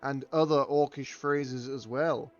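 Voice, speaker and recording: A man's voice: medium pitch, fairly even intonation, measured pace, muffled recording, soft background music. A man casting a live game tournament with loose, joking play-by-play. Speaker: tournament caster.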